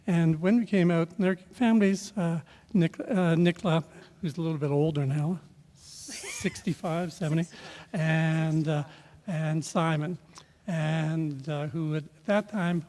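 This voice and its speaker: An older man telling a rambling personal story at a memorial service, halting with many filler pauses and restarts. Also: fairly high pitch, darkish tone. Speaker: speaker sharing a memory at a memorial. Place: event room at a memorial service. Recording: long reverb of a large hall.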